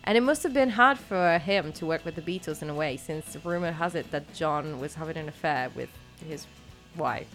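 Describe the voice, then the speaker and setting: A woman's voice: deep voice, normal speed, few pauses, a bit bright, soft background music. A woman hosting a podcast, mixing read-out notes with casual, hesitant chat that is full of fillers. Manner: chatty, hesitant, many fillers. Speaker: podcast host.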